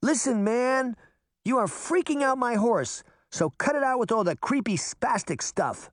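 A man's voice: on the high side, very animated, moderate pace, no room sound, clean studio sound, voice pushed up. A man voicing a tough, mouthy preteen girl who is brash and sarcastic in an audiobook. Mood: bold.

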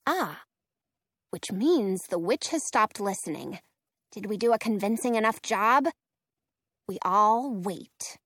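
A woman narrating a children's storybook in first person, expressive with playful asides. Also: medium pitch, takes it slowly, pauses often, dry recording, studio quality. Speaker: audiobook reader.

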